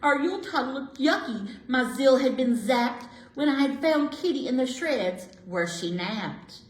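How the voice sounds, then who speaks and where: A woman librarian reading a rhyming picture book aloud, with lively, expressive storytelling and asides to her listeners. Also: high voice, unhurried. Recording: echoey room.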